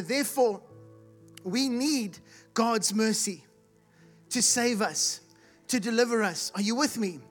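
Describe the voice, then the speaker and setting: A preacher giving a sermon to a live congregation, asking rhetorical questions and calling for responses, at times rising to loud shouts. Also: mid-range voice. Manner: rises to loud shouts when acting out the blind man's cries. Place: church hall with live congregation.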